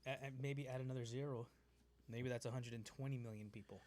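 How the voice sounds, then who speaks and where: A man's voice: medium pitch, fairly even intonation, quick pace, a little mellow. A man co-hosting a podcast in casual chat, joking around and slipping into silly voices. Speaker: podcast co-host.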